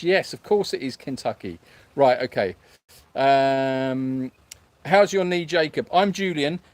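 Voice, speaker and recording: A man hosting a sanctuary livestream, reading viewer comments aloud in a hesitant, self-mocking way with lots of fillers. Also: medium pitch. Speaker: animal sanctuary host.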